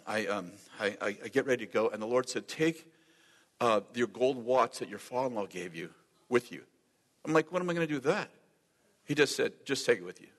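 A man preaching a sermon as a lively storyteller who acts out the dialogue and laughs often. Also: mid-range voice. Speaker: pastor. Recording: long hall reverb.

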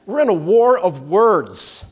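Lively high-voiced male preacher. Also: breathy edge. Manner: animated, drawn-out emphatic preaching with call-and-response. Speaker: pastor. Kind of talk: sermon.

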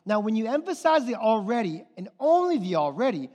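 A man's voice: sits high, sing-song, a little fast, a little mellow. A man preaching a sermon as pastor, asking the congregation question after question and checking in with "okay?" and "right?". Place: church hall. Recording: long hall reverb.

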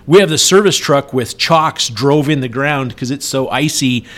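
A middle-aged man telling a story in a casual chat, animated and acting out the shouted lines. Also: mid-range voice, normal speed. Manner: animated, acts out yelled quotes.

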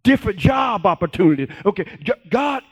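A male pastor preaching a sermon, calling and responding with the congregation and rising to shouts. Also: high-pitched, sing-song, brisk, breathy edge.

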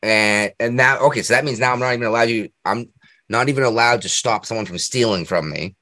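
A man's voice: mid-range voice, a little fast, pushed and bright, no room sound, clean studio sound. A man hosting a podcast in casual chat, rambling, laughing often and ranting with strong opinions. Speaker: podcast host.

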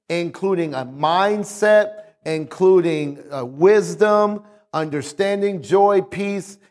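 A male pastor preaching a sermon emphatically, calling on his congregation to respond. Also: a little high. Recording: long reverb of a large hall.

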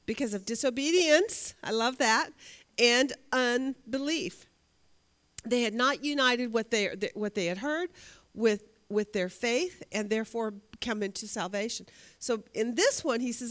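A woman teaches a Bible study lesson with lively intonation, her voice a little high, a bit bright, and a little slow. It's interactive teaching: she asks her class questions, answers them herself, and often repeats words as she thinks aloud.

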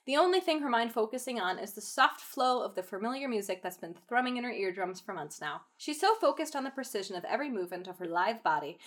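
Young woman, lively up-and-down voice, giggly, casual comedic reading. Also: fairly high pitch. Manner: giggly, breaks off into laughter often. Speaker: podcast co-host reading fan fiction aloud.

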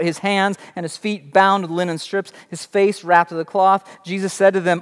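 A man's voice: high voice, expressive, normal speed, fairly bright tone. Dramatic man preaching in an echoing hall. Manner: dramatic, emphatic storytelling with rhetorical questions. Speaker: pastor. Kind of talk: sermon. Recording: long reverb in a large hall.

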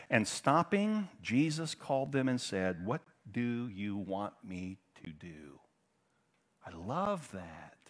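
A middle-aged man preaching a sermon, telling stories in a conversational way and swinging from loud emphasis to hushed, intense passages. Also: lowish voice. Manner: conversational storytelling with fillers. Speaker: pastor.

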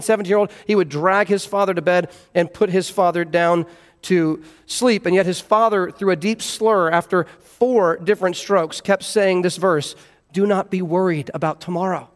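A man's voice: high voice, long reverb tail. A man preaching an expository sermon, earnestly explaining scripture verse by verse. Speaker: pastor.

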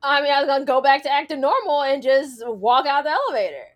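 A woman's voice: high-pitched, quick pace, fairly bright tone. A woman co-hosting a casual chat, teasing and playful as she tells stories. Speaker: podcast co-host.

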